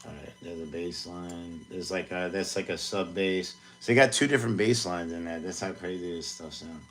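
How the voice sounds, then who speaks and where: Low-voiced rambling man in his forties. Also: normal speed, a bit bright, faint music behind. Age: 40s. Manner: rambling, self-deprecating, many fillers. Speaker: music producer streaming live. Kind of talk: casual livestream chat.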